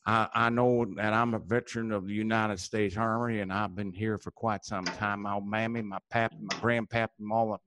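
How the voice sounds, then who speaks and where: A man's voice: on the low side, level tone, normal speed, few pauses, background noise, natural voice. A man doing a folksy rambling hillbilly.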